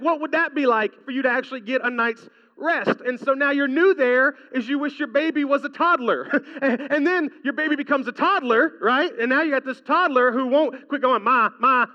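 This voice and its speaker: A man delivers a sermon with a very high, bright voice. He is animated and repetitive, and keeps asking the congregation questions. The sound is dull and washed in the long reverb of a large hall. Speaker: pastor.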